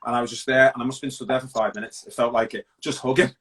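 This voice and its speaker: Man from britain, middle-aged, candid interview guest, halting, blunt. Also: medium pitch, fairly even intonation, fairly bright tone, low-quality recording. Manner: open, blunt, halting with restarts.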